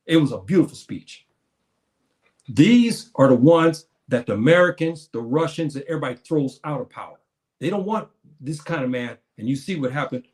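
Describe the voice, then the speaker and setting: A man's voice: fairly high pitch, lively intonation, moderate pace, a little mellow. A man giving an earnest spoken religious lecture, addressing his listeners as brothers and sisters, often restarting his phrases. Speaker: Muslim preacher.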